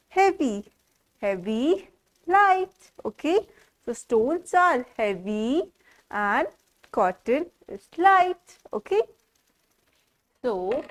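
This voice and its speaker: A preschool teacher addresses a class of small children in a high voice, speaking slowly. She repeats each word in a sing-song rhythm and often pauses to ask questions.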